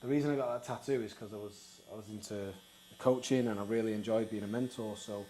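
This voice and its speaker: A podcast host with a lowish, warm voice talks fast in a steady tone, recorded roughly with slight background noise. In this casual interview chat he tells stories reflectively.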